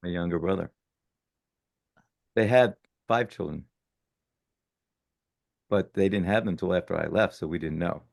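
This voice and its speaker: A man in his sixties, a podcast guest telling his story casually, animated and often correcting himself mid-sentence. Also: deep voice, unhurried, vocal fry, long pauses. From born in Italy, raised in the United States. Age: 60s.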